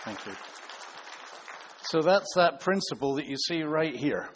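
A man's voice: on the high side, expressive, unhurried, a faint crowd, a little hiss or hum. A man leading a church gathering as pastor, preaching emphatically. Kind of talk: sermon.

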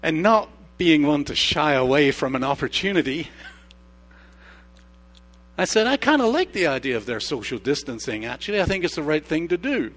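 A middle-aged pastor preaches a sermon with personal stories at normal speed, his fairly high voice moving up and down a lot. An expressive storyteller, he drops to a hushed tone for emphasis and then grows lively again.

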